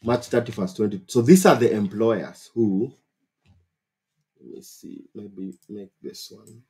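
This livestream host gives casual advice in a Kenyan accent, animated and exclamatory, repeating phrases for emphasis. His voice is lowish and slightly rough, and his pace a little slow.

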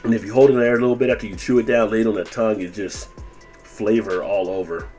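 A man's voice: on the low side, quick pace, soft background music. Casual man reviewing cheese on camera. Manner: relaxed, chatty, tastes and comments with full mouth. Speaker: food and beer reviewer.

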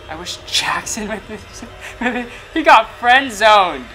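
Excitable man reacting out loud. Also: high-pitched, takes it slowly, faint music behind. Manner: excitable, exclaiming, teasing. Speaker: reaction video host. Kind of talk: reaction commentary.

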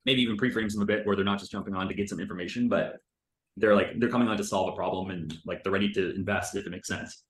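A man's voice: low-pitched, fairly even intonation, fast, roomy sound, a little hiss or hum. A man reviewing a recorded sales call in casual commentary, loose and chatty, full of filler words and the odd swear.

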